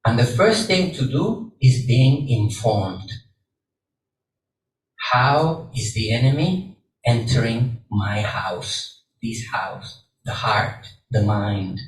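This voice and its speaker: Slow gentle monk in echoey hall. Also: male voice, medium pitch, expressive. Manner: slow, gentle, repeats phrases for emphasis. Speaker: Buddhist monk giving a Dharma talk. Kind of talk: sermon to a live audience. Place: large echoey hall with audience. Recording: roomy hall, distant mic, faint background hum.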